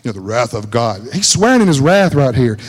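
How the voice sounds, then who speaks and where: A man's voice: mid-range voice, sing-song, brisk. A man preaching an informal sermon in a folksy, conversational way, repeating phrases for emphasis. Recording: long hall reverb.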